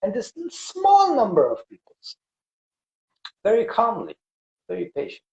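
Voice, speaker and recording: A man's voice: sits high, huge pitch swings, a little slow, creaky. Dramatic storytelling man, echoey lo-fi room. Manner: dramatic, preacher-like retelling with swelling and hushed delivery; emotional, voice breaking. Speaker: podcast host. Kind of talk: emotional storytelling conversation.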